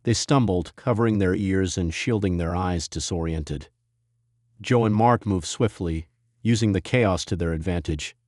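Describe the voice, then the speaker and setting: A male storyteller reads a scripted drama in an even, measured way. His voice sits very low, and the recording is dry and close with no room sound. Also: dry recording. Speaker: narrator.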